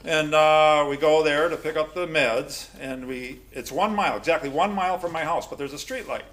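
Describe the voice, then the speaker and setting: A man's voice: a little high, moderate pace, fairly bright tone. A man leading a recovery class, telling personal stories in a joking, conversational way and putting questions to the group.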